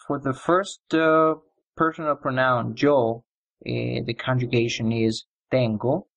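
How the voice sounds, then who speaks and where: A man who speaks as his teaches a beginner lesson at a deliberately slow pace. His tone is patient and encouraging as he repeats phrases for learners to copy. The sound is dry and close, with no room echo. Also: medium pitch, lo-fi sound. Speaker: Spanish teacher. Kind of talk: slow, explanatory language lesson.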